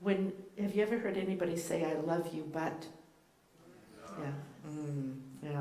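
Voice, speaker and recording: A woman with a deep, mellow voice and a Boston accent talks at a measured pace, giving an informal sermon as a guest rabbi. She is playfully teacherly and says um and uh often as she addresses the congregation. It's recorded in an echoey church sanctuary with faint background noise.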